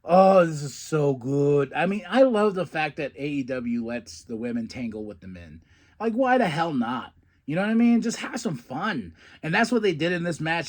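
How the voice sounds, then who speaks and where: A man hosting a podcast, recapping a wrestling show in a casual, excitable, rambling way and laughing often. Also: on the high side. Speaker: podcast host.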